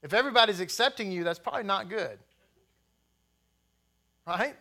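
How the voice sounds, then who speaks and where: A man's voice: high voice, lively intonation, moderate pace, bright, forceful tone. A man preaching a sermon as rabbi, blunt and rousing, with jokey asides to the congregation.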